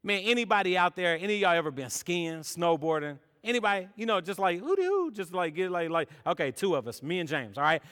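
Young pastor guy, high clear voice, lively and chatty, big church hall echo. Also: quick pace, few pauses. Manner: energetic, chatty, peppers talk with "man" and "all right?". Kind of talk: sermon with personal stories. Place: church sanctuary. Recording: long reverb of a church hall.

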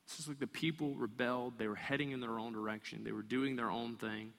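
A man preaching a sermon, animated and storytelling, acting out the voices of the people in the story. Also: medium pitch, brisk, gravelly, long reverb tail. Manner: animated, acts out voices of complaining people and kids. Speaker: pastor.

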